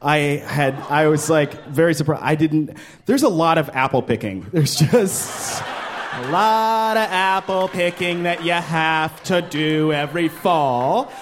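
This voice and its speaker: A man doing a stand-up routine on a club stage, animated and laughing, jumping to shrill voices for quoted people. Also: unhurried, slight background noise. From Brooklyn. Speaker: stand-up comedian.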